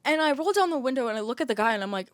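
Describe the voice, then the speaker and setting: A woman's voice: high voice, animated, very fast, no echo, clean studio sound. A young adult woman hosting a podcast, telling a long casual rant, rambling with lots of "like" and swearing freely. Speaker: podcast host.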